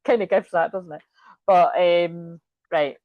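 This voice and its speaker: A woman's voice: lowish voice, a little slow, no echo, narrow, tinny audio. A woman doing a casual, rambling tarot reading and swearing now and then. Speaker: tarot reader.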